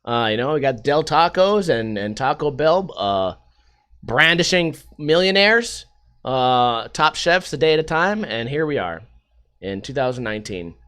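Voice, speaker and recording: A man's voice: mid-range voice, very animated, a little slow, a bit bright, smooth. A man hosting a podcast, rambling through a casual, sarcastic and profane monologue. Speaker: podcast host.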